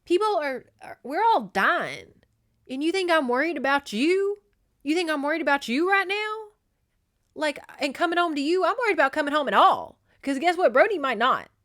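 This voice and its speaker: A woman voicing a young male soldier berating someone at a yell. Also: sits high, animated, moderate pace, voice pushed up. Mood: raging. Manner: yelling, berating.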